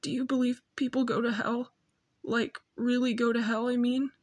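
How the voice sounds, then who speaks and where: A woman's voice: fairly high pitch, little pitch movement, normal speed, lightly acted. A woman voicing a grieving ten-year-old boy who is crying hard, choked and pleading. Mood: hushed. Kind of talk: audiobook character voice.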